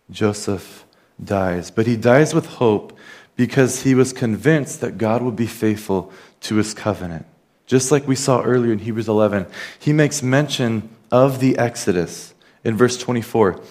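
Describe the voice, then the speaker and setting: A man delivering a sermon from the pulpit. His voice sits a little low, and his preaching is earnest but relaxed and conversational, with casual asides. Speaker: pastor.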